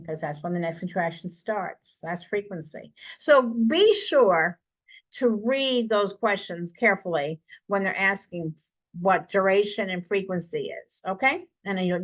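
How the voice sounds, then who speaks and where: A woman nursing instructor talks a class through an exam review at a middle pitch. She keeps it conversational and checks in with her students by asking "okay?" again and again. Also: low-quality recording.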